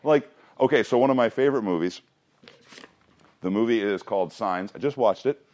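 A man's voice: on the low side, moderate pace, a little mellow. A man leading a Bible study, teaching casually, asking the group questions and joking as he goes. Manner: conversational, asks the room questions, jokes, restarts.

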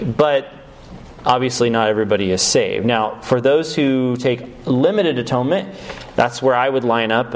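A man in the middle of a teaching sermon, with a mid-pitched voice. He explains one point at a time, keeps putting questions to his listeners, and jumps up in pitch to stress his points. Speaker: pastor.

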